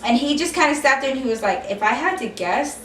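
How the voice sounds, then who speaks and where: A woman's voice: high-pitched, animated, fast talker, a bit bright, slight background noise. A young woman telling a casual storytime vlog, chatty and frank, swearing freely. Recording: echoey room, mic a little far off.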